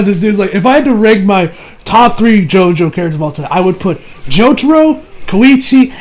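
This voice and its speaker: Male reviewer, higher-pitched, casual rambling fan rundown. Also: a little mellow. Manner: gushing, rambling with many fillers. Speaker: anime reviewer.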